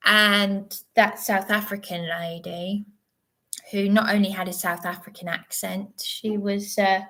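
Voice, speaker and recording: A woman's voice: mid-range voice, fairly bright tone. A woman talks unhurriedly through a livestream monologue. She rambles and digresses, often restarting her sentences. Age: 30s. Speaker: livestream host.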